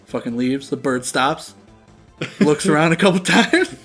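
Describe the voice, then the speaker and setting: Young male let's-play co-host, slightly high voice, laughing and profane, casual storyteller; faint music bed. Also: expressive, a little slow, a bit bright. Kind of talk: casual gaming chat.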